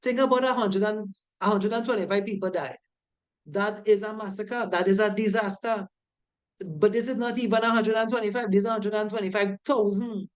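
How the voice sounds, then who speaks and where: Going over quiz answers in an online safety lecture, a woman speaks fairly quickly with medium pitch and fairly even intonation. She is emphatic and keeps asking "right?" to check that students are following.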